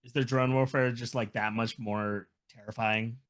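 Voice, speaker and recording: A man in his thirties co-hosting a casual podcast with quick joking asides. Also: mid-range voice, fairly even intonation, a bit bright. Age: 30s. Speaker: podcast co-host.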